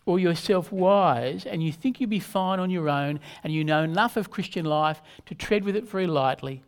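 Earnest man preaching a measured sermon. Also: sits high. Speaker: pastor.

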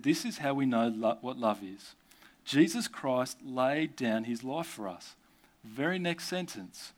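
A man preaching a sermon to a church gathering, earnest and conversational, with casual asides. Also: mid-range voice.

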